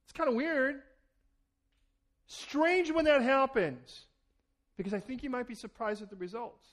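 A man preaching a sermon as pastor, animated, acting out quoted exchanges and repeating words as he starts a thought. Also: extremely high pitch, a little slow.

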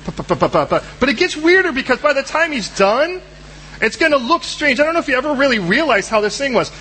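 Preacher, male, high voice, animated delivery, acts out characters, slight background hum. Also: fast talker, rough recording. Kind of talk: sermon.

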